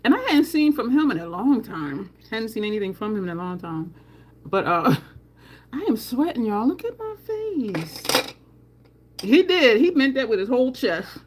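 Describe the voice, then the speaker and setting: A woman's voice: fairly high pitch, sing-song, moderate pace, a little hiss or hum. A woman hosting a casual livestream, chatting with viewers and answering their comments while she does her makeup. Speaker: livestream host.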